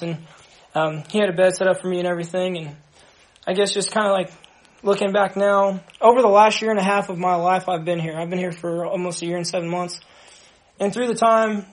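A young man from Dallas giving an earnest, halting personal testimony to a group, with many restarts. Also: high-pitched. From Dallas, Texas. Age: young adult. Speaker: ministry member giving testimony.

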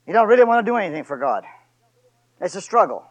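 A man with a high voice preaches a sermon in a church sanctuary. He swings from ringing shouts to hushed, almost whispered lines. He throws in joking asides to the congregation. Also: sing-song, quick pace, poor audio. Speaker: pastor.

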